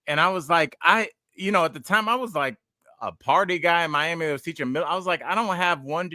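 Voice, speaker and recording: A man's voice: fairly high pitch, fast talker, sharp tone, dry recording, clean studio sound. A man in his forties, a podcast host and stand-up comedian, chatting casually and telling rambling, digressive stories.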